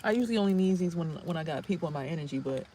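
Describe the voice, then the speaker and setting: A young woman rambling casually in a spiritual vlog outdoors, animated and swearing, exclaiming at things she sees. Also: on the low side, rapid-fire, background noise. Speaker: spiritual vlogger and reader. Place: outdoors near trees.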